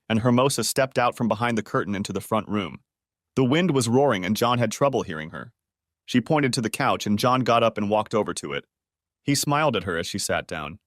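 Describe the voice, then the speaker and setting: A man narrating a family drama story in a steady, scripted storytelling voice. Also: fairly low pitch, no room sound, studio quality.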